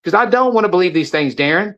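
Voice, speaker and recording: This is a fast, animated, fairly bright voice pitched high, belonging to a middle-aged man who sells supplements and is here as a guest. He launches into a fervent, sermonizing monologue full of repeated phrases and stumbling restarts. The highs in the audio are cut off.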